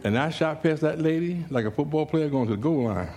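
A man preaching a sermon in a church, telling a story with humor and rising, animated exclamations. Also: on the high side, fairly quick.

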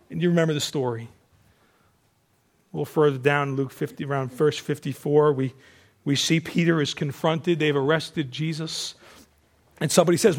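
A man preaching a sermon, animated, acting out the disciples' voices and dropping to a hushed, slow voice for emphasis. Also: fairly high pitch, vocal fry. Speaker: pastor.

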